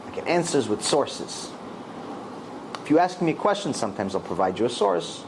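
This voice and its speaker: A man's voice: a little high, very animated, normal speed, creaky, background noise. A middle-aged man and rabbi giving a storytelling Torah lecture, acting out the dialogue in raised voices.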